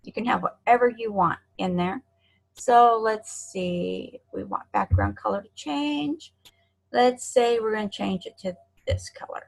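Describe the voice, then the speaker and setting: A woman giving a screen-share software tutorial in a chatty, encouraging way, talking to herself as she clicks. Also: medium pitch, a little slow, creaky, poor audio. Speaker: online marketing instructor.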